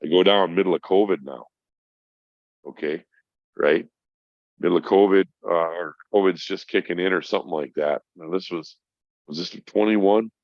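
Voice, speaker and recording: A man's voice: low voice, moderate pace, pauses often, no room sound. A middle-aged man, stoned, telling a rambling, profane story in casual chat as a podcast guest. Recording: dull lo-fi sound.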